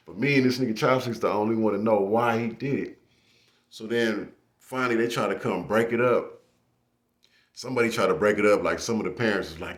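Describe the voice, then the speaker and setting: A young man telling a story casually and animatedly, laughing and acting out shouts. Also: medium pitch, normal speed. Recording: echoey room.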